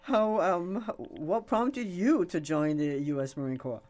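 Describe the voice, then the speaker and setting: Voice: mid-range voice, animated, a little slow, a little mellow. A radio host interviewing guests, prompting each with questions. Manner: prompting questions, brief responses.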